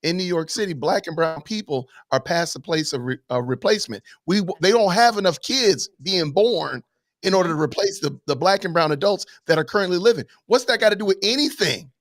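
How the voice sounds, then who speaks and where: A man's voice: high-pitched, lively intonation, brisk, no room sound. A man taking part in a live online panel discussion over a video call, arguing emphatically with many rhetorical questions. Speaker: panel guest.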